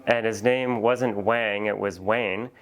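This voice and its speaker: A man's voice: fairly low pitch, fairly even intonation, takes it slowly. A man, a real estate coach, telling rambling, self-deprecating stories as a podcast guest. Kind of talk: casual storytelling interview.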